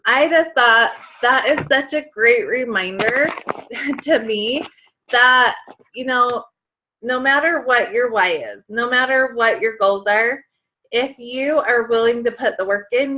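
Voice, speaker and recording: A woman's voice: a little high, takes it slowly, pushed and bright, muffled recording. A woman in her thirties leading a motivational team call, chatty and emotional, with lots of fillers. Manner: emotional, tearful at times, chatty with many fillers. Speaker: team leader on a sales call.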